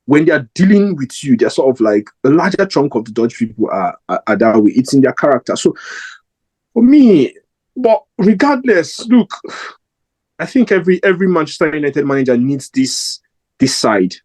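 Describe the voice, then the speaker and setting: A man's voice: fairly high pitch, very animated, normal speed, a little mellow, breathy edge, low-quality recording. Rambling, emphatic young man vlogging. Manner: rambling, emphatic, many fillers and restarts. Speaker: football fan vlogger. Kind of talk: casual opinion vlog.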